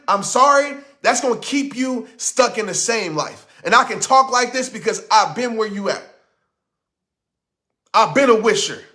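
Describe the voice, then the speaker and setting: A man delivers a motivational speech in a high, forceful voice, leaning into each line like a sermon. He hammers his points home and repeats them for effect, speaking close into a studio microphone. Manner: emphatic, preachy, repeats lines for effect.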